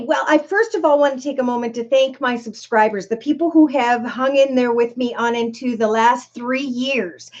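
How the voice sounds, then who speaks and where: A middle-aged woman with a slightly high voice hosts a casual live tarot reading. She talks in a loose, rambling way and greets viewers by name. The audio is a little dull and lo-fi. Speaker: tarot reader hosting a live stream.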